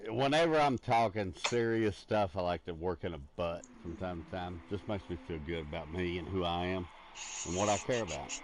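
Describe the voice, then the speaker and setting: A man co-hosting a casual gaming video, joking in a goofy, deadpan way and swearing freely. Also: low voice, normal speed, noisy background.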